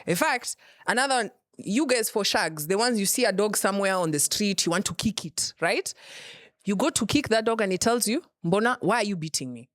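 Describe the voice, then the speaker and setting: Joking through a comedic monologue, a young Kenyan woman who hosts a comedy show teases, laughs often and slips into Swahili. Her medium-pitched voice is expressive and a bit bright at a normal speed, with studio quality and no room sound.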